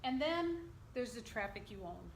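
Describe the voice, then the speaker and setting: A middle-aged woman leads a workshop and keeps throwing questions to the audience. Her voice sits a touch high. The room is echoey, with a faint hum behind her. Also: big pitch swings, normal speed. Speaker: presenter. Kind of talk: interactive workshop presentation.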